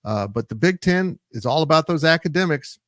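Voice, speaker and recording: A male sports analyst discussing college football in a measured, analytical way, with frequent "uh" fillers. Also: on the high side, animated, a bit bright, dry recording, studio quality. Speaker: sports site publisher and analyst.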